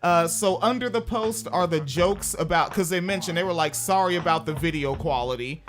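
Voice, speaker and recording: A man's voice: on the high side, moderate pace, a bit bright, faint music behind. Rambling, hesitant male talk host. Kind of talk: casual live chat.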